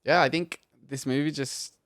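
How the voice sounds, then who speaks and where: A man co-hosting a podcast, chatting casually about a film in a laid-back, agreeable way with halting phrasing. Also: on the high side, fairly even intonation, fairly bright tone, no room sound, clean studio sound. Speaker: podcast co-host.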